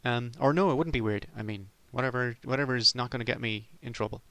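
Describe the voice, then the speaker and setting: A man's voice: mid-range voice, fast, a bit bright, no room sound. A middle-aged man from Ireland delivering a sardonic, rambling comic monologue as a podcast host.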